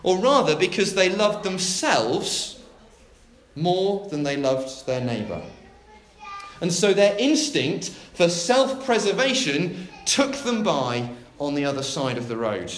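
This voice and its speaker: A man, a church minister preaching a sermon with an expressive, dramatic delivery and long pauses. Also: fairly high pitch, reverberant.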